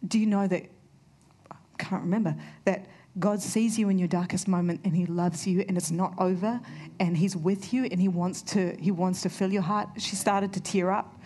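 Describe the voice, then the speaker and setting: A woman's voice: mid-range voice, steady tone, normal speed, dark tone. A woman preaching a sermon, earnest and conversational, telling personal stories. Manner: earnest, storytelling with conversational asides.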